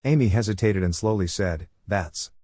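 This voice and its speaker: A man reading a manhwa recap as scripted story narration, in a flat, even delivery. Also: on the low side, brisk, no room sound.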